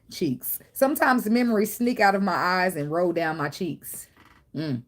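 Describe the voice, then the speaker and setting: A woman's voice: on the low side, animated, moderate pace. A woman giving a casual tarot reading, blunt and profane, talking straight to the viewer. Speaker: tarot reader.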